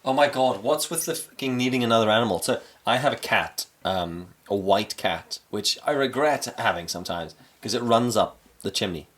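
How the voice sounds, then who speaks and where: A man in his thirties co-hosting a podcast, cracking dry, deadpan jokes and swearing casually. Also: fairly low pitch, normal speed, hardly any pauses. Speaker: podcast co-host. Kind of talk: casual chat.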